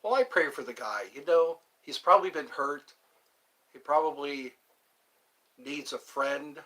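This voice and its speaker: His voice sits on the high side, sharp-toned and animated, moving a little slowly. He's a middle-aged man running a meandering livestream chat full of jokes, sung lines and mock accents.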